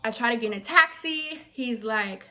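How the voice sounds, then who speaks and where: A young adult woman vlogger telling a story in a casual, animated way and acting out what others said. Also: fairly high pitch, moderate pace. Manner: animated, quotes others in voices.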